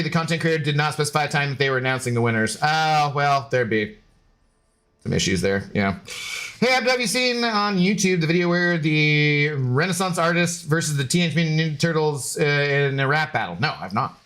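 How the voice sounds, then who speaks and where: A man's voice: a little high, lively intonation, fairly quick, a bit bright. A man streaming live, chatting casually with viewers in a rambling way and slipping into sing-song baby talk with his dog.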